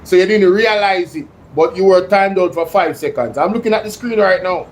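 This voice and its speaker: Jamaican man, livestream host, slightly high voice, excitable, mixes in patois, faint background hum. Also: brisk, rough recording. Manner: excitable, slips into patois, addresses chat directly. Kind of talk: casual livestream commentary reading chat.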